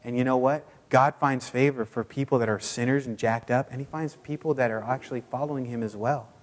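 A man preaching a sermon in a casual, chatty way with many fillers, now and then putting on high squeaky voices for quotes. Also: steady tone, fairly quick, long reverb tail. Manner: puts on high squeaky voices when quoting people. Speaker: pastor.

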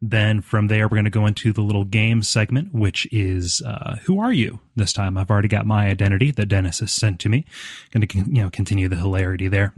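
A man with a low voice hosts a casual gaming podcast. He talks in a halting, stop-start way, full of fillers and restarts. The sound is dry and close, with no room around it. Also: fairly even intonation, dry recording. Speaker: podcast host.

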